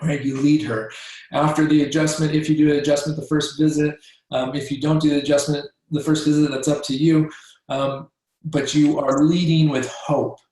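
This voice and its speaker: Male workshop trainer, informal and animated, slightly high voice, very echoey room. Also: moderate pace. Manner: acts out patient and doctor voices, many fillers and restarts.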